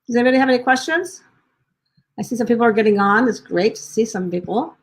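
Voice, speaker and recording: In her live-streamed talk for parents, the parenting coach is gentle in manner, stacks up questions one after another, and keeps restarting and rephrasing partway through sentences. She talks quickly in a slightly high voice.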